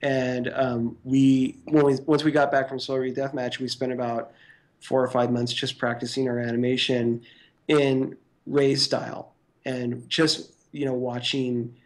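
A man's voice: medium pitch, level tone, unhurried. A man recounting his work as a guest on an interview podcast, speaking loosely and filling his sentences with "like" and "you know". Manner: rambling, full of "like" and "you know". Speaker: guest stop-motion animator. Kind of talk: casual interview recollection.

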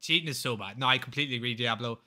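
Streamer, young guy, very bright voice, rambling animated storyteller, swears a lot. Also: mid-range voice, very fast. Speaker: game streamer. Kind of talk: casual storytelling while gaming.

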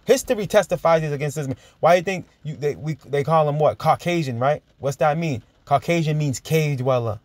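A man preaching and teaching from scripture, emphatic and chuckling, drawing out verses slowly as he reads. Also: on the high side, a little mellow, dry recording. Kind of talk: sermon-style Bible teaching.

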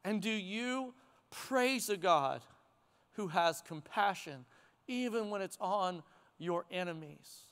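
A man preaching a sermon, swinging from near shouts down to hushed, quiet passages. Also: high-pitched, slow pace, smooth. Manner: animated preaching, rising to near shouts then dropping to hushed tones. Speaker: pastor. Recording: long hall reverb.

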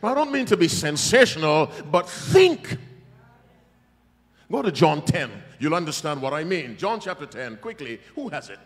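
A male preacher giving a revival sermon, emphatic and teasing, with sudden loud bursts. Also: on the high side, big pitch swings, unhurried. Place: large church hall. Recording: long church hall reverb.

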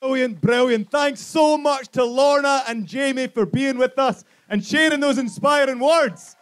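A man's voice: very high voice, a little slow, fairly bright tone, clear, resonant tone. A man with a Scottish accent, compering a rally with chatty, jokey announcements.

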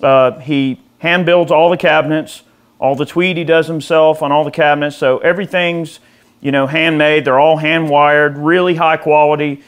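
A man with a slightly raised voice walks through a piece of gear in a relaxed, off-the-cuff demo. His talk is loose and rambling, with frequent fillers and restarts. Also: a little high, normal speed, smooth. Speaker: host of a guitar gear channel.

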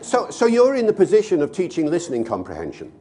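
An older man, a linguist, explaining points in a lively, conversational way with the odd filler. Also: high-pitched, fast, slight background noise. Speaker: linguist guest.

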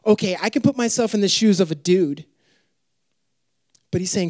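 A young adult man preaching a sermon in an animated, joking storytelling manner. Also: sits high, brisk, long pauses, dry recording.

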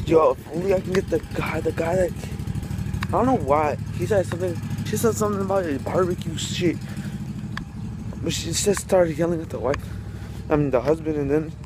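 A young man vlogging outdoors while walking down a city street, telling a story in excited slang and calling his viewers bro. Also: fairly high pitch, moderate pace, pauses often, noisy background. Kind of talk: casual vlog chat.

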